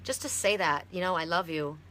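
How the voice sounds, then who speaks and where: A middle-aged woman from Canada giving a heartfelt, halting oracle card reading on a live stream. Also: on the low side, pushed and bright, a little hiss or hum.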